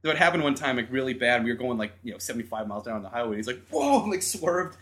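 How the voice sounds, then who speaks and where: A man's voice: mid-range voice, rapid-fire, a bit bright. A man co-hosting a podcast, telling a story in casual chat, acting out voices and laughing as he goes. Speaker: podcast co-host.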